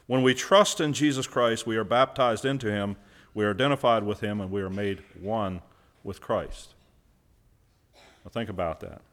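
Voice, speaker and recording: Speaking at an ordinary speed in a lowish voice, a male preacher delivers a sermon in a question-and-answer style, quizzing the congregation and then supplying the answers while repeating key words for emphasis.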